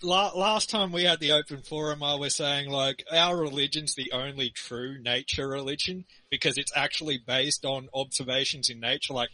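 A man's voice: medium pitch, pushed and bright, no echo, poor audio. An Australian man talking loosely in a casual group discussion, rambling and laughing between points. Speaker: forum participant.

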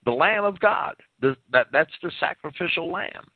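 A man with a lively, swooping voice agrees eagerly as co-host, stumbling over repeated restarts. He is sneezing and coughing while speaking into a headset. The line sounds thin and phone-like. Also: a little high, moderate pace, no room sound. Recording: dry tinny phone-like line.

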